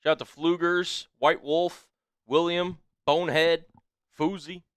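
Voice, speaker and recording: An upbeat man co-hosting a sports live stream, shouting out viewers and pushing them to subscribe. His voice sits a little high for a man and sounds clean and smooth, with a dry close-mic sound. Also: steady tone, measured pace, no echo. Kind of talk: casual live-stream chat.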